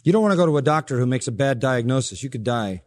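A man preaching a sermon as pastor, emphatic, with sharp rises in pitch and soft drops at the ends of phrases. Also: lively intonation, fast talker, long reverb tail.

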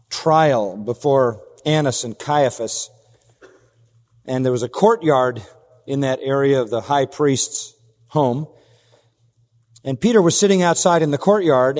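A man's voice: medium pitch, a little mellow. Emphatic man preaching in a reverberant hall. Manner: emphatic, acts out quoted lines in a raised voice. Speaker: pastor. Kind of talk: expository sermon.

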